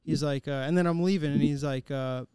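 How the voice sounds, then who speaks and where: A man's voice: on the high side, fairly even intonation, brisk, a little mellow, clear, resonant tone, no echo, clean studio sound. A man on a podcast telling a funny story in a loose, laughing way. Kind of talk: casual storytelling chat.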